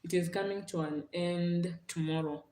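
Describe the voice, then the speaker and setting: A woman's voice: lowish voice, steady tone, moderate pace, dark tone, reverberant, a little hiss or hum. A young Kenyan woman with a Kenyan accent hosts a casual live stream, reading viewer comments aloud and thanking each person by name.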